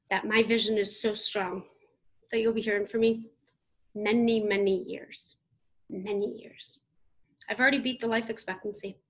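A woman in her thirties giving a motivational keynote speech, emphatic and punchy, speaking straight to her audience. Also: medium pitch. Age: 30s.

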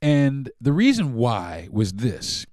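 A podcast host, a man, telling a story in a casual, animated, profane way and acting out the dialogue. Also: medium pitch, slow pace, no room sound, studio quality.

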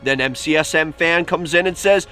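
A man hosting a casual vlog, reading comments aloud with animated, sarcastic asides. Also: on the high side, moderate pace, clear, resonant tone. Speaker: YouTube host. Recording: faint music behind.

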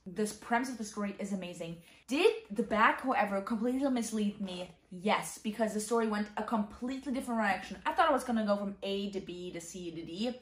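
A tired young woman chatting casually as a book vlogger, rambling and reacting dramatically. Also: medium pitch. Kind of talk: casual vlog chat. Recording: echoey room.

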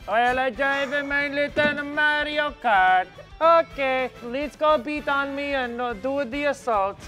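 A man's voice: very high voice, a little slow, heavily acted. A man voicing a meek, goofy plumber hero in a silly, mock-formal way. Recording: loud music under the voice.

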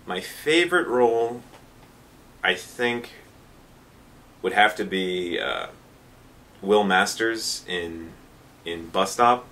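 A man with a very low voice talks slowly about his favorite role. His delivery is soft-spoken and measured throughout. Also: expressive. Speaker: actor. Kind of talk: casual interview.

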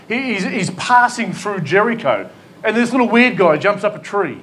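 A man's voice: high voice, fairly bright tone, slight background noise. A man with an Australian accent, a pastor preaching a sermon in an emphatic, pleading way, with rhetorical questions and humor. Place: church hall.

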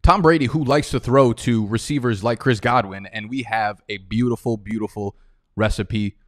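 A man's voice: fairly low pitch, moderate pace, fairly bright tone, no room sound, clean studio sound. A young man with a New York-New Jersey accent giving casual, opinionated fantasy football analysis. He talks energetically and with emphasis, and sometimes drifts into chatty, profane tangents.

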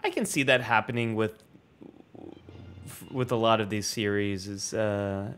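A man's voice: on the low side, a little slow, a little hiss or hum. A man co-hosting a casual livestream chat, reading out viewer comments in an upbeat way over a video call. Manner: reads viewer comments aloud, lively and upbeat. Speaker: co-host.

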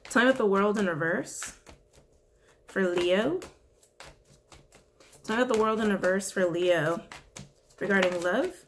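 A woman's voice: mid-range voice, measured pace, long pauses, slight background noise. A woman giving a casual weekly tarot reading, chatty and blunt, who swears freely and keeps repeating her questions to the cards. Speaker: tarot reader.

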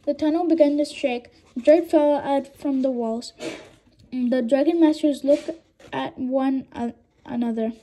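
Woman, children's book reading, high voice, slow, hesitant, stumbling. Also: mellow, poor audio. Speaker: reader.

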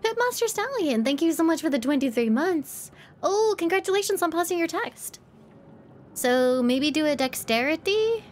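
A woman's voice: extremely high pitch, very animated, moderate pace, slight background noise. A woman streamer, ill with a throat infection, casually commenting on gameplay and teasing her chat. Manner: teasing, sardonic chatter at chat.

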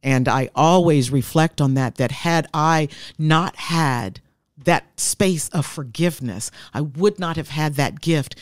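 A woman's voice: low-pitched, slow, dry recording, clean studio sound. A woman in her fifties, a guest telling her life story in an interview, heartfelt and reflective.

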